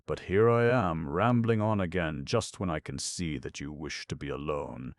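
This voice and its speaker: A man doing a debonair, long-winded gentleman. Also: rumbling low, moderate pace, no echo. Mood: genial. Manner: florid, long-winded, genial. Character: debonair, verbose young English gentleman.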